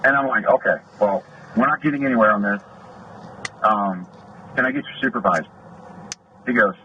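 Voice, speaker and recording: A man's voice: fairly low pitch, moderate pace, long pauses. A middle-aged man, a sheriff's deputy, angrily retelling a roadside run-in as a complaint, rambling and acting out both sides. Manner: indignant, rambling, acts out quoted exchanges. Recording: muffled recording with clear background noise.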